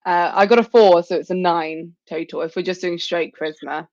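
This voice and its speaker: A woman playing a tabletop game, making quick joking asides. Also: lowish voice, steady tone, darkish tone, dry recording, dull audio. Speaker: player. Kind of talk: casual chat at a game table.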